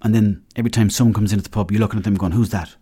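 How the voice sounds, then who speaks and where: This solo podcast comes from an Irish man in his thirties whose lowish voice is husky, dark and steady, delivered very fast. His casual monologue is loose, joking and rambling, with little acted-out dialogues.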